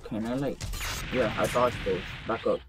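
A young man casually commenting on his own gameplay in slang, excitable and quick to yelp in surprise. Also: lowish voice, music in the background. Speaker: gaming streamer.

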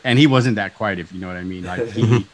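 A man in his fifties from Southern California, a talk show guest telling a personal story in an animated way, acting out dialogue and often asking "right?". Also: fairly low pitch, quick pace, poor audio. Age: 50s.

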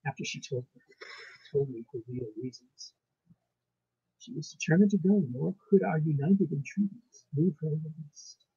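A man reading a ghost story aloud in a measured, formal storytelling manner. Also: a little high, darkish tone, husky. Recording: dull lo-fi recording.

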